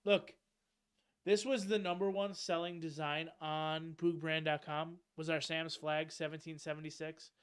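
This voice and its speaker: A man hosting a casual podcast, talking in an animated, profane way and laughing often. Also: a little high, measured pace, clean tone, no echo, clean studio sound. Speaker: podcast host.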